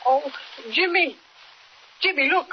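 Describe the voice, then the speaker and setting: A fretful old country aunt. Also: female voice, high voice, takes it slowly. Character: anxious homespun older woman, great-aunt type. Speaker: actor. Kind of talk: 1940s radio acting. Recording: dull old radio recording with faint hiss.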